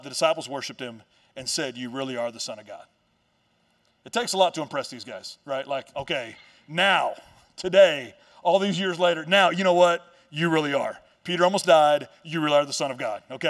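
A man preaching a sermon as pastor, telling a Bible story in a casual, joking way with quick asides. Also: a little high, distant mic. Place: church stage.

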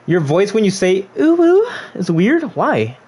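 A man's voice: high-pitched, sing-song, unhurried, darkish tone, slightly rough. A young man casually chatting on a gaming livestream, reading viewers' chat aloud and joking back at them.

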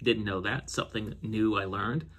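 Man, show reviewer, casual rambling recap, filler-heavy, bright tone. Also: steady tone, moderate pace. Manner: rambling, many fillers and restarts; voices characters' lines with raised pitch. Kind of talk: casual episode recap and commentary.

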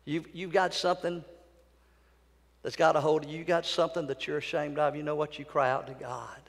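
A man preaching a sermon as pastor, building to loud, fervent outbursts and then dropping to near-whispers. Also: fairly high pitch, little pitch movement, brisk, creaky. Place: large church sanctuary. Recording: long hall reverb.

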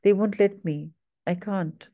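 A woman's voice: medium pitch, a little slow, warm tone, muffled recording, lightly acted. A woman reading the lines of a frightened woman reliving a fire, in gasping, pleading bursts. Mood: panicked.

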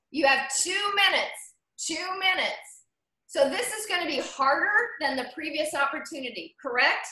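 A woman's voice: sits high, sharp tone, roomy sound, rough recording. A woman coaching an online group cycling class over a video call, upbeat and encouraging, calling riders by name and counting down the seconds. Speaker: cycling instructor.

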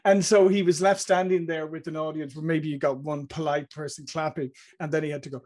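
A man's voice: on the high side, flat delivery, fairly quick, few pauses, a little mellow. A man with an Irish accent hosting an interview, chatting easily and telling anecdotes with a laugh. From Ireland. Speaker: host. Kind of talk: interview conversation.

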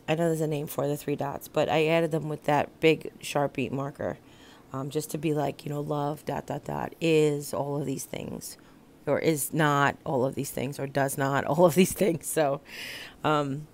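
Lady with a deep-ish voice doing a diy craft voiceover, casual, lots of ums. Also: a little mellow. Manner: chatty, explains step by step with many ums. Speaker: craft channel host. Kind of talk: casual craft tutorial voice-over.

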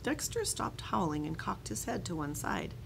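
Teacher reading a kids' chapter book aloud, a woman with animated, expressive delivery. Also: on the low side, normal speed, gravelly, noisy background.

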